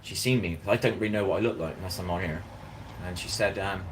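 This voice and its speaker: Man, rapid talker, rambling casual monologue, faint outdoor ambience. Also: low voice, slight background noise. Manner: rambling, repeats "do you know what I mean". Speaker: vlogger. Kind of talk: casual live-stream monologue. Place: outdoors in a park.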